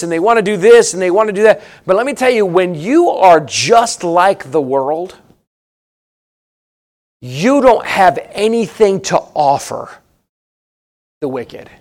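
A man preaching a sermon, repeating phrases for emphasis and swinging between loud and hushed lines. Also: high-pitched.

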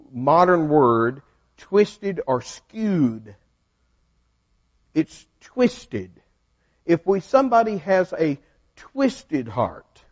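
A man's voice: fairly high pitch, a little mellow. Folksy man teaching Bible study. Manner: folksy, asks the class questions. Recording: dull lo-fi sound.

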